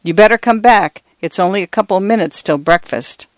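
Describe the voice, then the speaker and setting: A man's voice: high voice, normal speed, no room sound, pitched above the performer's own voice, close to an everyday voice. A man reading the part of a patient, plain-spoken ranch hand in an audiobook. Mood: calm. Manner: calm, philosophical.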